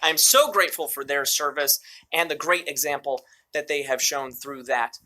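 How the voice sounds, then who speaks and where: A man's voice: fairly high pitch, normal speed, bright, forceful tone. A man hosting a live mobile trivia game show, upbeat and joking with playful asides.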